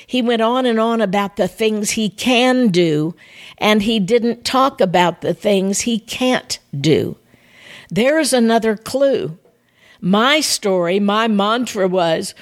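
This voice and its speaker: A woman's voice: fairly high pitch, takes it slowly. An older woman gives an earnest devotional talk. She speaks straight to her listeners in a conversational way, as if sharing her own story. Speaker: ministry podcast host.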